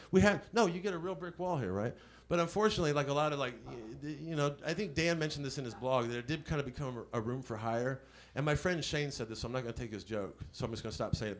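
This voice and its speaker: A male stand-up comedian on a comedy club stage, rambling with quick self-deprecating asides. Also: medium pitch. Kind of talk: stand-up set.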